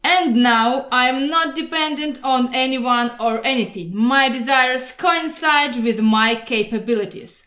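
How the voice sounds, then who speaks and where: Woman voicing a preachy storybook mosquito, grandiose, slow, echoing room. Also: high voice, a bit bright. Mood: boastful. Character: boastful proud male mosquito, pushy salesman. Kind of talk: storybook voice acting. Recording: roomy echo.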